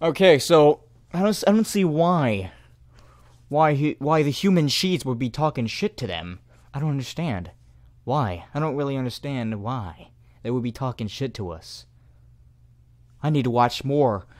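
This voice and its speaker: A young man riffs sarcastically over a video he is reacting to, mocking and swearing as he restarts his sentences. His pitch swings widely, and the close mic gives a dry sound. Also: animated, measured pace, no echo.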